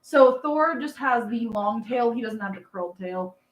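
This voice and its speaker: A woman's voice: on the high side, animated, normal speed, echoey room. A woman in her thirties chatting casually on a livestream, rambling with fillers and laughs, doting on her dog. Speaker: livestream host.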